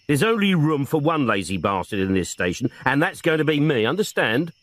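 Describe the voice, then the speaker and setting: Man doing a sardonic crude police inspector, lazy and irreverent, lively delivery. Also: fairly high pitch, a little fast, no echo, voice pushed up.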